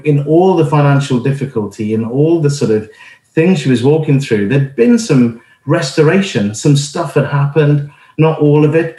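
A man's voice: mid-range voice, warm tone. A middle-aged man giving an informal sermon, telling a personal story in an earnest, conversational way with many fillers and restarts. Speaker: church planter and speaker. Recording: roomy echo.

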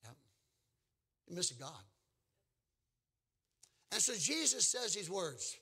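A pastor in full sermon mode preaches emphatically in a high, bright, forceful, slightly rough voice. Very animated yet slow, with frequent pauses, he moves between storytelling and joking asides to the congregation.

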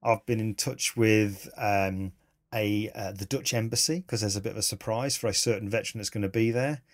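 A man, a photographer telling animated, enthusiastic stories in a casual interview. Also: on the low side, normal speed. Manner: animated, enthusiastic, laughs mid-story.

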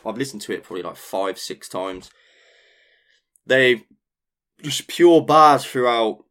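A man's voice: fairly low pitch, fairly bright tone. A man from England hosting a music podcast, chatting loosely with lots of fillers and swearing. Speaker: DJ and podcast host. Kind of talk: casual chat.

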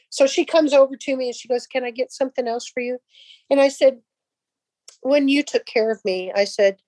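A woman's voice: fairly high pitch, darkish tone, no echo, low-quality recording. An older woman casually telling a personal faith story, rambling with restarts and acting out the dialogue. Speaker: guest sharing a testimony.

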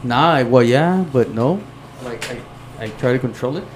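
A man's voice: mid-range voice, lively intonation, moderate pace, slight background noise. A man, telling rambling, profane stories in casual podcast chat and mixing in Spanish slang. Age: 30s. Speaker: podcast host.

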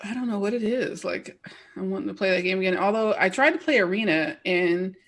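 A young adult woman co-hosting a podcast, chatting casually and animatedly with quick bursts of talk and frequent laughs. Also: medium pitch. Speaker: podcast co-host. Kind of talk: casual chat.

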